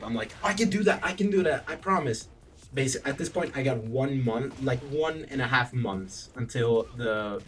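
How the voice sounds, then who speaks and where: Young man, casual storytelling vlog, profane and rambling, mid-pitched, distant mic with faint music. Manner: animated, profane, rambling with self-corrections. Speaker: vlogger.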